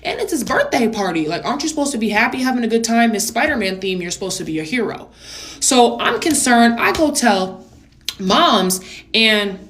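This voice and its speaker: A young adult woman telling a story in a vlog, animated and blunt, with sassy asides. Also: mid-range voice, normal speed.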